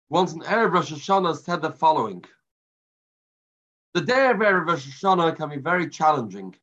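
Rabbi storytelling. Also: male voice, a little high, bright, forceful tone. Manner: storytelling with dramatic pauses, Yiddish and Hebrew terms. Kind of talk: Torah class sermon. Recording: lo-fi muffled recording.

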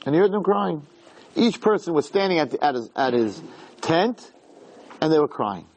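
A man's voice: on the high side, very animated, normal speed, darkish tone, slight background noise, rough recording. A man giving a Torah lecture, emphatic and full of rhetorical questions.

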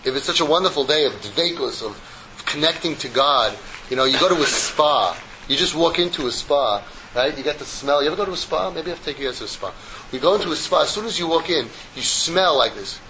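A man giving a Torah lecture to a group as rabbi, an animated storyteller who slips in jokes. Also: fairly high pitch, fairly quick, slight background noise, rough recording.

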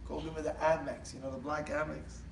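A man voicing a calm older rebbe who gives counsel in a low, measured tone. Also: gravelly, roomy sound, recorded from a distance, slight background noise, low-quality recording. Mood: coaxing.

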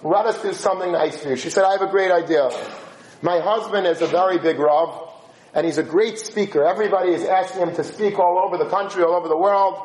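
A man with a high voice tells a story to listeners, acting out each character's lines as he goes. His speed shifts from quick bursts to slow, stretched phrases. The sound carries a roomy echo. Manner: animated, acts out dialogue with shifting voice and pace. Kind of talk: spoken religious story.

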